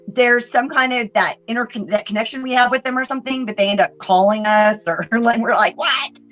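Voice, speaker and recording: Chatty Texan woman hosting a livestream. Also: fairly high pitch. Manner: chatty, greets viewers warmly by name. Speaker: host and card reader. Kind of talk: casual livestream chat. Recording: dull lo-fi livestream audio with faint music.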